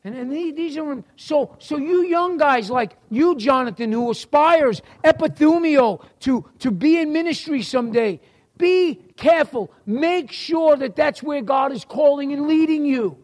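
A man's voice: extremely high pitch, measured pace, a little mellow. A middle-aged man with a New York accent teaching a church class in a folksy sermon style, talking to listeners by name.

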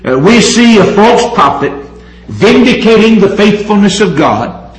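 Male preacher, higher voice, earnest and emphatic, slow stressed phrases, roomy echo. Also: sing-song. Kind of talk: sermon. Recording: echoey room.

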